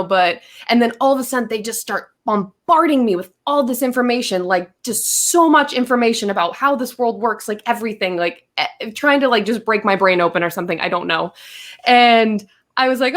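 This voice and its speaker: A woman's voice: a little high, normal speed, a bit bright. A woman guest on a podcast, telling a long story in casual chat, acting out her own quotes with lots of fillers.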